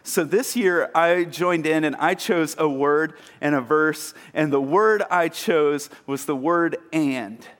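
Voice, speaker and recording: A man preaching a sermon in a casual, self-mocking way, acting out scenes with animated exclamations. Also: a little high, slow, few pauses. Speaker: pastor.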